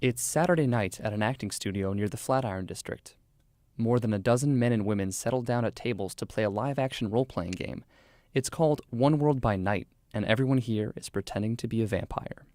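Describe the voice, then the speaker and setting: A man narrating a scripted radio news feature as a reporter, in a measured, even delivery. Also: lowish voice, no room sound.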